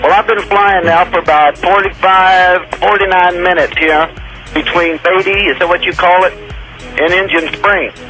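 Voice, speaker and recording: A man calling in to a radio show from a small plane in flight, rambling and halting with many fillers. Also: high voice, fairly even intonation, sharp tone, faint music behind, rough recording. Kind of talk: phone-in call.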